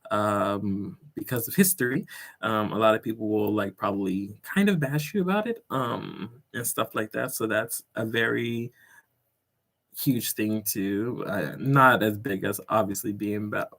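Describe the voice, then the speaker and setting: A man's voice: on the low side, unhurried, vocal fry, fairly bright tone. A young man, a teacher working abroad, telling stories in a casual vlog, rambling and filling his talk with "like" and "um", with chuckles along the way. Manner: rambling, filler-heavy, full of "like" and "um".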